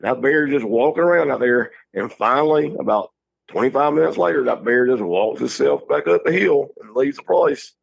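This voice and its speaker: A middle-aged man, a high school football coach telling stories in a casual interview, rambling and restarting his words. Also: lively intonation, normal speed, gravelly, breathy edge, muffled recording. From Georgia, USA.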